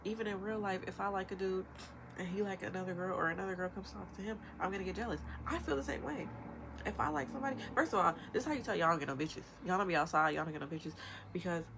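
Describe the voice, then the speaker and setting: Young woman, ranting vlog, animated, medium pitch, noisy recording. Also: creaky. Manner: emphatic, rapid-fire, animated with imitated quotes. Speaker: vlogger. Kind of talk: ranting commentary.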